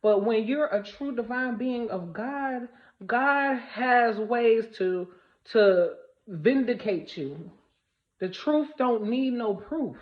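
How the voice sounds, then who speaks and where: A fairly high, lively voice comes through a muffled recording as a woman speaks slowly in a casual spiritual vlog. She swears without restraint, hammers points home by repeating phrases, and stays blunt throughout.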